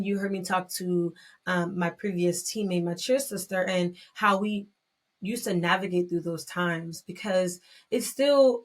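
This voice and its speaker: A young adult woman hosting a podcast, reflecting candidly and emotionally in a personal monologue, often restarting her sentences and breaking into excited bursts. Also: medium pitch. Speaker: podcast host.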